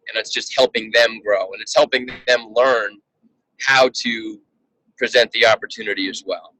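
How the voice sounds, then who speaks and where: A man's voice: fairly low pitch, steady tone, normal speed, bright, forceful tone, dry recording, poor audio. A man coaching a team member over a call, talking earnestly and often repeating words as he restarts his sentences.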